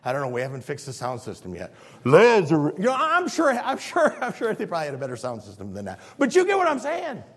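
A pastor preaching a sermon in a church, acting out scenes and swinging between hushed and loud. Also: male voice, on the high side, huge pitch swings, fast, few pauses, breathy edge.

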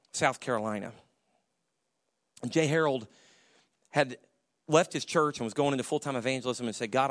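A middle-aged man preaching a sermon, swinging from shouted, high bursts of emphasis down to hushed, quiet storytelling, often repeating and restarting his phrases. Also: dry recording, studio quality.

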